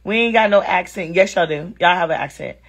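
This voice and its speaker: A woman's voice: fairly low pitch, a little fast, husky. A woman hosting a casual livestream, talking frankly and with lots of energy, cursing freely and reading viewer comments aloud as she answers them. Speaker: live-stream host chatting with viewers. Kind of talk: casual live-stream chat.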